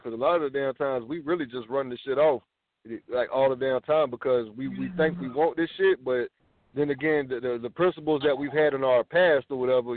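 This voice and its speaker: Man co-host, fast, rambling and profane, heard through a dry, tinny phone line. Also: medium pitch, no room sound. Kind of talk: casual talk radio chat. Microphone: phone in hand.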